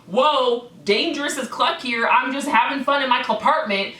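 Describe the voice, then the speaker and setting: Woman vlogger, heated sweary rant to camera; sharp bright voice, echoey room. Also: high voice, normal speed, hardly any pauses, recorded from a distance, slight background noise. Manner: swaps words for cl- puns. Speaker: clown-persona vlogger. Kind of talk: ranting vlog to camera. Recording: echoey room, away from the mic.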